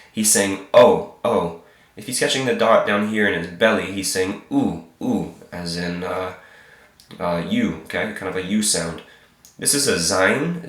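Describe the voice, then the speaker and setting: A man with a very low voice and a cold that roughens it, teaching slowly and patiently. He repeats each sound and keeps checking in with the listener. The room around him rings with echo. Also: fairly bright tone. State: sick, slightly hoarse. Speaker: Hebrew teacher. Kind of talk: informal alphabet lesson.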